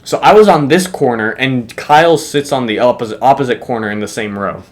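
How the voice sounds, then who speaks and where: A man's voice: mid-range voice, a little fast. A young man casually telling a funny school story, swearing often and laughing as he goes. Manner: animated, profane, laughs while telling.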